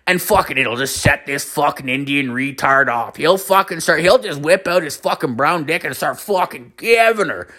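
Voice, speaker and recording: A man voicing a crude, excitable young coworker in a raised, animated voice, swearing constantly. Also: on the high side, normal speed, few pauses, pitched above the performer's own voice. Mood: excited gossip.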